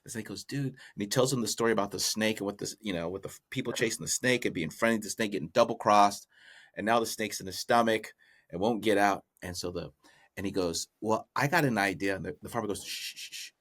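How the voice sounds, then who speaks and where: A man hosting a podcast casually retells a folk tale, adding amused, rambling asides for comedic effect. His voice is lowish with a fairly bright tone, and he talks at a quick pace.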